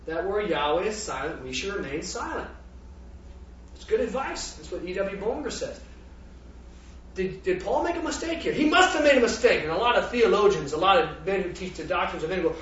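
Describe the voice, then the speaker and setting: A man preaching a sermon, animated and laughing, throwing rhetorical questions at his congregation. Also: sits high, normal speed. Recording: roomy, dull, distant from the mic.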